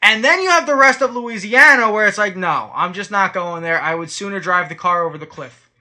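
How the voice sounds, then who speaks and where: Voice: mid-range voice, brisk, bright, forceful tone. A young adult co-host of a sports podcast, chatting casually and ranting in an emphatic, opinionated way.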